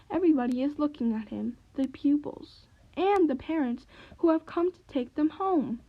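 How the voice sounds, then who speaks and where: A woman reading a children's story aloud, gentle and clear. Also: high-pitched, moderate pace, few pauses, highs cut off.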